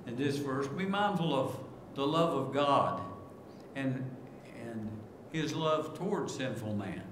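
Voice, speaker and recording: A man preaching a sermon in earnest, repeating key words and rising in pitch as he pleads. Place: church sanctuary. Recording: echoey church room with background noise.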